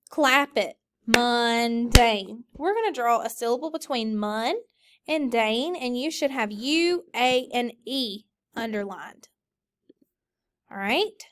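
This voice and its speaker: A woman teacher leading a recorded phonics lesson, slowly modeling and stretching out each word for students. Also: fairly high pitch, fairly bright tone, slight background noise. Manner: slow, drawn-out modeling of words.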